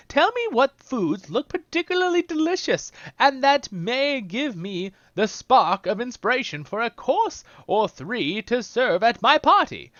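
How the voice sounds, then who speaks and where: A man's voice: very high voice, fairly bright tone, no echo, lo-fi sound, pitched above the performer's own voice, full character voice. A man voicing a lonely, polite male hobbit homebody in a raised, old-fashioned voice.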